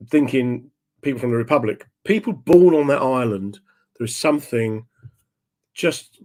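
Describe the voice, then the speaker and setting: At a moderate pace and medium pitch, a male comedian shares comic stories as a guest. He's lively, and he voices the people he's describing.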